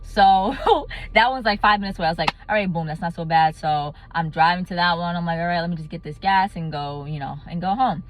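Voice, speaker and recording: A young adult woman telling a casual storytime vlog, animated and laughing often. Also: fairly low pitch, a little fast, few pauses, slight background noise. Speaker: vlogger.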